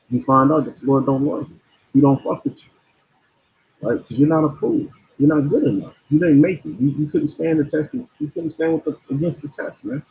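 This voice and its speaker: A man delivers an informal sermon in a blunt, preachy way. He restarts words and repeats himself, his voice at a middling pitch. The sound is thin and phone-like.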